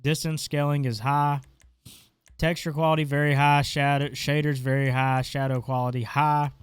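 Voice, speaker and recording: A man walks through his game settings in a casual, offhand way, thinking aloud as he clicks around. His voice sits a little high for a man and sounds smooth and clear despite a stuffy nose. The recording is dry and close, with no room sound. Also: little pitch movement, moderate pace, dry recording. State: stuffy, congested. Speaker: gaming channel host. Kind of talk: casual screen-recorded tutorial.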